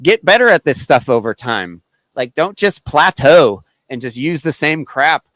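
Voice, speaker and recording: A male podcast host with a fairly high voice, ranting bluntly and swearing freely in casual live-stream commentary. The sound is dry and close. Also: sing-song, measured pace, a bit bright, no room sound, rough recording.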